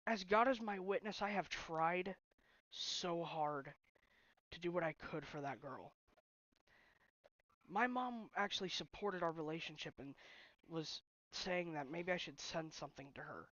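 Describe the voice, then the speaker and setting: In his bedroom, a young vlogger rants emotionally in a personal vlog, frustrated and halting as he stumbles through restarts. His voice is on the high side and a bit bright, and the dull, lo-fi recording sounds dry and close.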